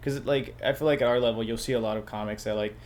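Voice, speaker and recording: A man's voice: mid-range voice, fairly even intonation, fast talker, a little mellow, slight background noise. A man talking in a casual podcast chat as a stand-up comedian guest, loose and rambling with lots of filler and swearing. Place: podcast studio.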